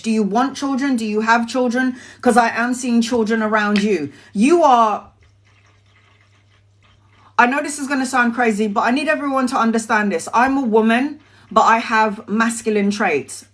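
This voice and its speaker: A woman's voice: a little high, fairly bright tone. A woman giving live tarot readings to viewers, chatty and emotional, calling people by name and laughing easily. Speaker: tarot reader.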